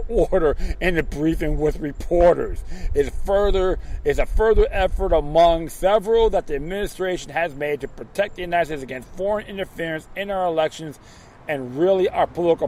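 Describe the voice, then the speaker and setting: A man's voice: a little high, a little mellow. A man reading political news aloud and breaking off into sarcastic, mocking commentary, often tripping over his words.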